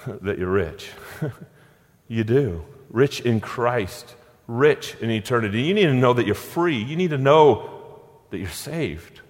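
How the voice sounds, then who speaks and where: A pastor preaching a sermon in an earnest way, repeating phrases for emphasis and telling personal stories. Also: male voice, mid-range voice. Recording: long hall reverb.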